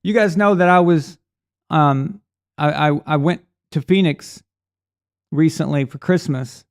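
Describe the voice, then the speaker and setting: A man's voice: fairly high pitch, unhurried. A middle-aged man hosting a live sports stream, chatting casually and telling rambling stories, acting out voices when he quotes people. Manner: casual, rambling storyteller with restarts; acts out voices in quoted speech. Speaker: sports show host. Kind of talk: live stream chat reading super chats.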